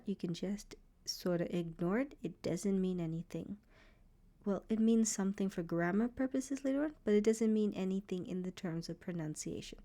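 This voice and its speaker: A woman teaching a beginner Hebrew lesson, patiently repeating letter sounds slowly to show how they are pronounced. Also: on the low side, mellow.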